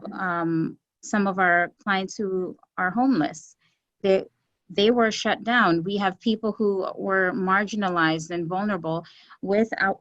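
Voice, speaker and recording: Earnest woman, low voice, muffled line. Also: no echo. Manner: earnest, measured, pauses with fillers. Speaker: executive director of a community health center, guest. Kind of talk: podcast interview answers.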